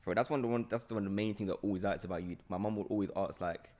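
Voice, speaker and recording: A man hosting a casual interview, quick and slangy, often laughing as he talks. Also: lowish voice, a little mellow. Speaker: interview host.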